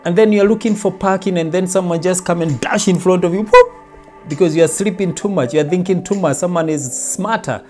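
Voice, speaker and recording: A man's voice: high voice, a little fast, a little mellow, faint music behind. A man giving a motivational talk, telling it as a story and briefly acting out everyday lines. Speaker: self-help speaker. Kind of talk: motivational monologue.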